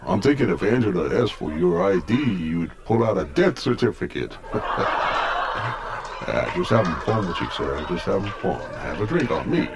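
This stand-up comic's voice is low and gravelly, very animated, and moves at a moderate pace over a noisy background. He's in character as a brash Brooklyn lounge comic, hurling insult jokes at the club audience.

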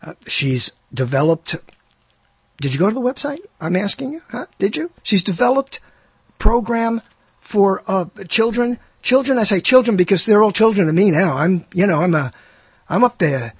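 Older New York man hosting radio talk, rambling and theatrical, husky, fairly high, dry sound. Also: expressive, normal speed, no echo. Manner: rambling, self-mocking, theatrical. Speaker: radio show host. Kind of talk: casual monologue.

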